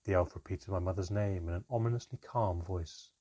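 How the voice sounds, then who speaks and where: A man reads a first-person fantasy storybook aloud in a measured, expressive way. His voice sits low with a husky texture. He narrates steadily and colors the tense moments.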